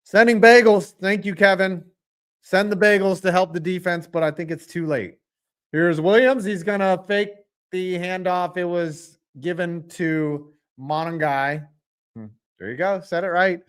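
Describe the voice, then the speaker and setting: A man with a high-pitched voice gives live reaction commentary on a football game, calling the plays, joking around with his chat, and cursing the referees' calls. His pace is measured and his tone clean.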